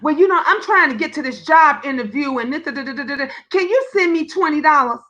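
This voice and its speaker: Woman doing a high, rapid, wheedling sister begging for money. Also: animated, bright, forceful tone, lo-fi sound. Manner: rapid, pleading, high and chattering.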